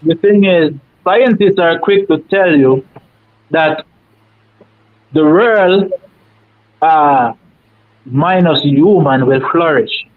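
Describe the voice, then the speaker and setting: Jamaican guy telling a story on a call, high voice, dry phone sound, folksy and rambling. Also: slow pace, long pauses, no room sound. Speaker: caller. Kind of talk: casual storytelling on a live call. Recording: tinny dry phone line.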